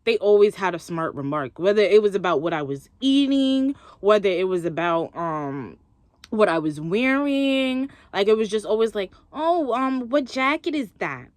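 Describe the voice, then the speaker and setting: A woman's voice: mid-range voice, animated, normal speed, dry recording. A young woman vlogging, chatting expressively as she tells a story and acts out what others said. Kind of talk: casual storytelling to camera.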